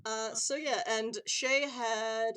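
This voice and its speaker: A woman's voice: on the high side, steady tone, slow pace, a bit bright, clean tone, faint music behind. A woman running a tabletop game on a live stream, chatty and loose, swearing casually and laughing easily. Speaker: game master.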